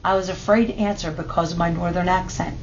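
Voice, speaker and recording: A woman reading a children's picture book aloud in steady, measured narration. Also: lowish voice, dull audio, a little hiss or hum. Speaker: storybook reader.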